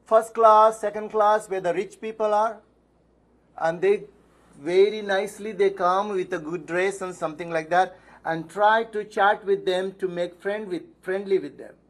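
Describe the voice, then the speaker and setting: A man's voice: high-pitched, measured pace. A man preaching a sermon as pastor, emphatic, asking questions and answering them himself, repeating phrases for stress. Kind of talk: sermon with Bible reading.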